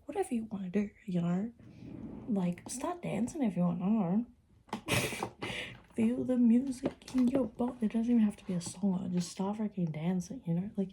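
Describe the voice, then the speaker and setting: A woman's voice: mid-range voice, mellow, breathy edge. A young woman vlogging in casual, rambling chat, swearing freely and often dropping into a whisper. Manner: rambling and profane, drifts into whispers.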